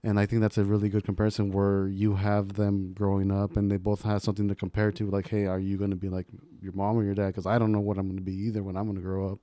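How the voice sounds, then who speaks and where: A man's voice: on the low side, completely flat delivery, quick pace, hardly any pauses, warm tone, no echo. A man co-hosting a podcast, chatting casually about movie quotes in a laid-back, rambling way and laughing often. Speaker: podcast co-host.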